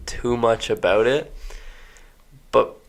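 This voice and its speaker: A young man joining a podcast as a guest, telling a story in a quick, offhand way. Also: medium pitch, gravelly. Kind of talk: casual chat.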